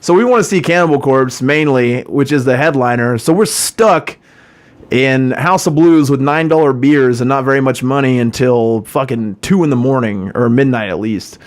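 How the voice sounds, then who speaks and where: A man's voice: medium pitch, normal speed. A man hosting a podcast, telling stories in a profane, rambling way and laughing often. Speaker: podcast host. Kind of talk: casual storytelling chat.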